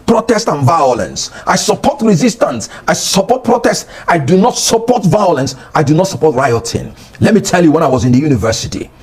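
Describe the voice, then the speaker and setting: A middle-aged Nigerian man speaking with an accent as a guest on a political talk show, passionate and rising toward shouting. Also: high-pitched, slightly rough. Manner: impassioned, rising to near shouting.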